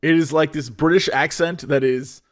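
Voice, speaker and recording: A man co-hosting a podcast, trading quick jokes in casual chat. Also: on the high side, steady tone. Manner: quick quips, joking. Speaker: podcast co-host.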